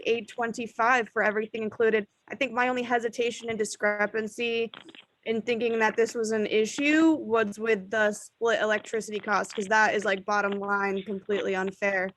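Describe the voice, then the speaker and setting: A woman's voice: fairly high pitch, fairly bright tone, a little hiss or hum. A woman serving on a commission, speaking hesitantly and with care over a video call. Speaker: commission member. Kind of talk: public meeting discussion.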